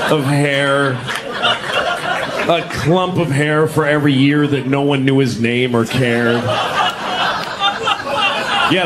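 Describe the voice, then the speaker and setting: A middle-aged man from New York doing a stand-up comedy set, telling stories with sudden high-pitched acted outbursts. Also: very noisy. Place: comedy stage before a laughing audience.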